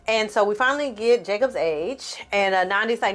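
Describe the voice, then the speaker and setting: A woman hosting a casual TV recap, talking straight to her viewers with slang and cursing and quickly acting out the characters' lines. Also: medium pitch, animated, a bit bright. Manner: acts out the characters' lines in quick put-on voices. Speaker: film and TV recap host.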